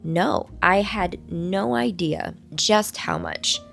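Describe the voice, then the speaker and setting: A woman hosting a casual vlog from a hotel room, her voice hoarse while it recovers, chatting in a playful, rambling, self-mocking way. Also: fairly low pitch, wildly swooping pitch, takes it slowly, a bit bright, faint music behind. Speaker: vlog host. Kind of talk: casual chat to camera.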